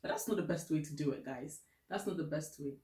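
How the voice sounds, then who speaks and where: Speaking fast in a low, dark voice, a woman from Ghana offers relationship advice as a vlogger, candid and quick to laugh, with a Ghanaian English accent. It's a casual advice chat recorded in a reverberant space.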